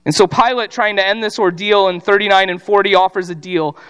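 A man's voice: high-pitched, fairly even intonation, brisk, a bit bright, clean tone. A man preaching a sermon, reading scripture and retelling it in casual everyday speech. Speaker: pastor.

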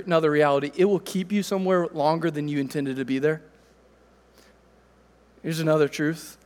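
High-voiced preacher in a reverberant hall. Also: male voice. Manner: conversational storytelling preacher, animated. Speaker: pastor. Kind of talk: sermon.

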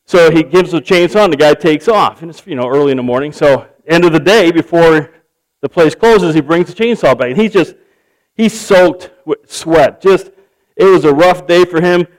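Man, pastor, high voice, animated storytelling sermon. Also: normal speed, low-quality recording. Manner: animated storyteller, acts out characters. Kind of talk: sermon with a told joke.

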